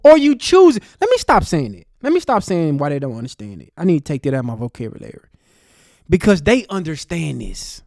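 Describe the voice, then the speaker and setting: A man delivers a heated, angry commentary rant, talking straight at the person he is answering. His pitch swings widely as he speaks, and the sound is close and dry with no room echo. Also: wildly swooping pitch, a little fast, vocal fry, darkish tone. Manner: angry, ranting, addresses the speaker directly. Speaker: commentary host.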